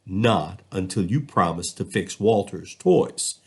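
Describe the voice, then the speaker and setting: A man's voice: low voice, lively intonation, takes it slowly, creaky, full character voice. A man doing a sly, scheming little boy. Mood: triumphant. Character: scheming confident little boy, pleased with himself.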